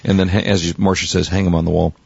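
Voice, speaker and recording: A man co-hosting a casual radio tech show, pitching products in a relaxed, rambling way, his voice worn out from cheering. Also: racing, creaky, slightly rough, dull audio.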